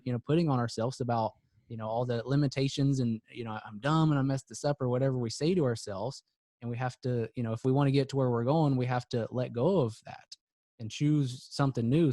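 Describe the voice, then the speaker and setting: A man's voice: medium pitch, warm tone, no echo, studio quality. A man speaking as a podcast guest and business coach, earnest and reflective, often repeating words for emphasis. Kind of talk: motivational podcast talk.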